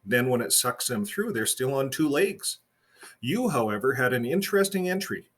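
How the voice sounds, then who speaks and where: A man's voice: medium pitch, sing-song, normal speed, a bit bright, breathy edge. A man reading the lines of a kindly, amused male angel guide in a storybook reading. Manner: laughing, reassuring.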